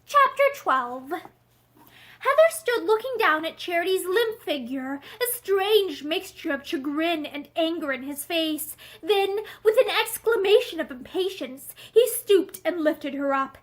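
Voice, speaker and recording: High-voiced woman reading a novel aloud. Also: fairly bright tone. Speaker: audiobook reader. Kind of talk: scripted narration.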